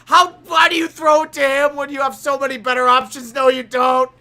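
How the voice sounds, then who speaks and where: A man with a very high, piercing voice calls football play by play on his own stream. He is profane and excitable and breaks into shouts on big plays. He is recorded from a little distance. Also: brisk. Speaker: livestream commentator. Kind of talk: amateur play-by-play commentary.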